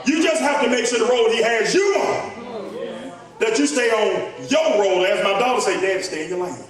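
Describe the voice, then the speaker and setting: A male pastor preaching a sermon, rising into shouts and speaking straight to the congregation. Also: very high-pitched, moderate pace, a crowd in the background. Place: church sanctuary. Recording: echoey church hall from far off, congregation. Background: congregation responding.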